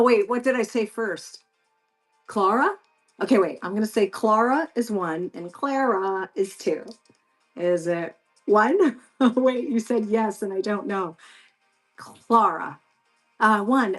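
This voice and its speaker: A woman from Canada, hosting a live stream and chatting casually with viewers in an effusive, encouraging way. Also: mid-range voice.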